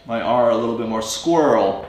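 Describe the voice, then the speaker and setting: A man co-hosting a casual live English lesson, relaxed and quick to agree and laugh along. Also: a little high, very echoey, low-quality recording.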